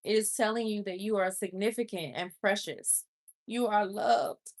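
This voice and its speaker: A woman's voice: mid-range voice, normal speed. A woman doing a spiritual tarot card reading, emotional and speaking to Spirit. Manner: emotional, talks to Spirit, gets choked up. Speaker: tarot reader.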